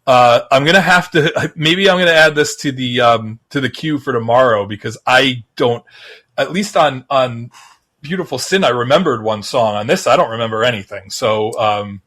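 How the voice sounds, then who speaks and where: A man co-hosting a music podcast in casual chat, talking in a rambling, halting but enthusiastic way. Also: mid-range voice, bright, forceful tone. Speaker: podcast co-host.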